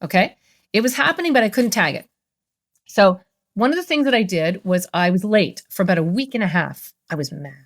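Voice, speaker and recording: A middle-aged woman therapist tells stories on an interview show with an animated, expressive delivery. Her voice sits at a middling pitch and moves easily as she recounts events. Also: a little fast. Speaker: therapist, podcast guest. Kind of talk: interview storytelling.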